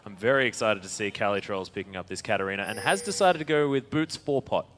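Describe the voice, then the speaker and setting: A man giving color commentary on a video game match into a headset, reacting quickly and excitedly to the plays. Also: on the low side. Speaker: esports caster.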